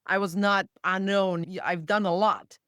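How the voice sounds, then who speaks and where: A woman from the Balkans with a Balkan accent, speaking as a guest coach in a casual podcast conversation, emphatic and quick to agree. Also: medium pitch, steady tone, a bit bright, smooth, no echo, studio quality. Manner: emphatic, agreeing often with short yeps. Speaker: guest, cross-cultural coach.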